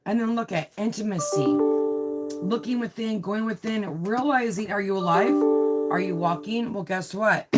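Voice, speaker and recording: A woman's voice: medium pitch, moderate pace, loud music behind the voice. A woman giving a live tarot reading, chatty and confiding, often checking in with "right?" and "you know". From Italian heritage. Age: adult with a child. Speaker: tarot reader.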